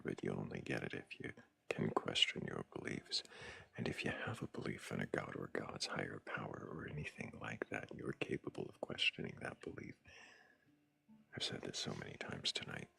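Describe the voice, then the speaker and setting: A man hosting a livestream, talking casually with a dry, teasing manner and calm explanations. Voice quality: very deep, gravelly and husky. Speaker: livestream host.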